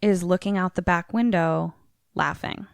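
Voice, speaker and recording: A woman's voice: fairly low pitch, a little slow, vocal fry, clean tone, no echo, clean studio sound. A young adult woman, a podcast co-host, casually recapping a film and acting out the characters' lines. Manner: animated storyteller, acts out characters' lines.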